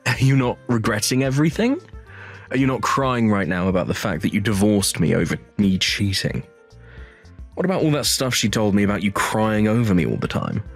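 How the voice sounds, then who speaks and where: A man's voice: on the low side, lively intonation, brisk. Synthetic man voicing a smug cheating ex-husband. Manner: smug, taunting. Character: arrogant cheating rich ex-husband, mocking. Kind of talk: text-to-speech text story. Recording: faint music underneath.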